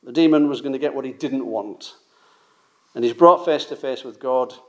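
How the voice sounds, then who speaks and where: A man's voice: medium pitch, normal speed, a little mellow. A man preaching an expository sermon. He talks emphatically, repeats his points and asks rhetorical questions.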